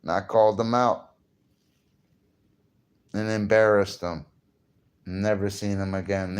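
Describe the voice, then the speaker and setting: Tipsy dude cursing a lot, low voice, cracks himself up going on about fish. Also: male voice, clean tone. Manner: profane, boastful, laughs at himself. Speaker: fishing vlogger. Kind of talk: casual rambling monologue.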